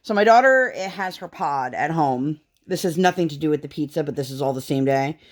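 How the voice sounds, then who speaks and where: A woman in her thirties chatting casually while she crafts, acting out the people in her story with big jumps in her voice. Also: a little fast. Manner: animated storytelling, acts out dialogue with big pitch jumps. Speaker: craft vlogger.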